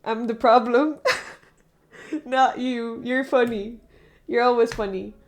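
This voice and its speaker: A woman's voice: a little high, fairly even intonation, slow. A young woman streamer chatting casually with her live chat, rambling, correcting herself and laughing often.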